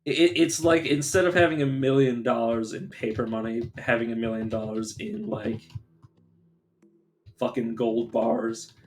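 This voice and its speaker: A man's voice: mid-range voice, animated, a little slow, faint music behind. A man streaming a video game live, chatting casually in a rambling, profane, self-interrupting way.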